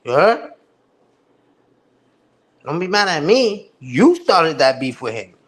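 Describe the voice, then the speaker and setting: A man's voice: a little high, slow pace. Heated New man ranting on stream. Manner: animated, heated, profane street slang. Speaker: livestream host. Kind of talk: casual livestream rant.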